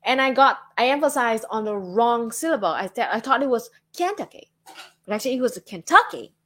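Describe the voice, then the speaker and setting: A woman's voice: on the high side, fast, a bit bright. A woman from Vietnam with a Vietnamese accent, talking casually on a livestream and filling her speech with "like" and "you know". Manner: chatty, frequent fillers like "like" and "you know". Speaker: streamer.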